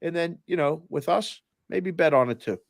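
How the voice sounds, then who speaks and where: Gravelly and fairly high-pitched, a male former oddsmaker talks at a moderate pace as a guest in casual betting chat. He's an animated storyteller who performs the voices of the people he quotes, and the recording is dry and studio-clean.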